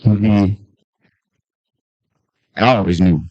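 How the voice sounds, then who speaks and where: A man's voice: fairly low pitch, very slow, no room sound, lo-fi sound. A comedian from Washington, D.C. telling stories from his life in conversation, acting out the voices of people in them. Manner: animated storyteller, acts out voices in anecdotes. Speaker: comedian and author at book talk. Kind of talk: storytelling in conversation.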